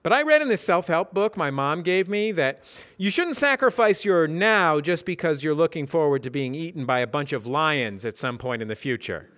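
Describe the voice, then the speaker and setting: A man's voice: fairly high pitch, animated, normal speed, a bit bright, pitched above the performer's own voice. A man voicing Brad, a chatty, easygoing heavyset coworker with a casual, folksy way of talking. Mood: advising.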